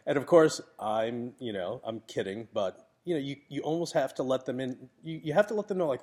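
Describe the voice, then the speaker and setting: A wedding photographer, giving blunt, chatty business advice in a casual monologue. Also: male voice, mid-range voice, lively intonation, normal speed, darkish tone. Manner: blunt, chatty, swears a little.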